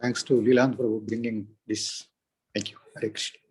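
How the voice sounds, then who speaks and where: A man speaking on a video call, emotional and near tears, halting and grateful. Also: medium pitch, little pitch movement, darkish tone, slightly rough, rough recording. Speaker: devotee caller.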